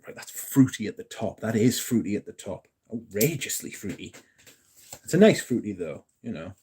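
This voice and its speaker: A man's voice: on the low side, sing-song, moderate pace, mellow, slight background noise. A young man hosting a casual live stream, chatting in a jokey way and reading out messages from the chat. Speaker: livestream host.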